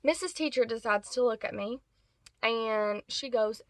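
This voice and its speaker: A woman's voice: on the high side, normal speed, dry recording. A woman telling a casual storytime vlog, rambling and correcting herself as she goes. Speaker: vlogger.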